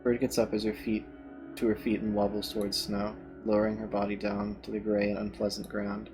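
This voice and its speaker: A man streaming, reading a visual novel's narration aloud in a steady manner. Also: on the low side, fairly quick, over music.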